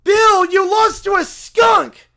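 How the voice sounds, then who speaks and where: A man's voice: very high-pitched, fairly even intonation, takes it slowly, gravelly, sharp tone, shouting, pitched above the performer's own voice, heavily acted. A man voicing a self-righteous male preacher of a silly pizza religion who shrieks and rants in constant indignation. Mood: indignant.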